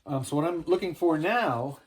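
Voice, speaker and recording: Husky laid-back man explaining his craft. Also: fairly high pitch, lively intonation, normal speed. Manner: laid-back, rambling, uses slang like man and dude. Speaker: instrument builder teaching. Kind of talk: casual workshop explanation.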